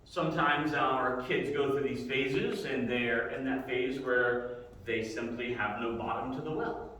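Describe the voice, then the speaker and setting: A man's voice: mid-range voice, steady tone, measured pace, pushed and bright, a little hiss or hum. Middle-aged guy teaching sunday school, chatty, keeps saying right?, far from the mic in a reverby hall. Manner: conversational, says "right?" often. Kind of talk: casual Bible lesson.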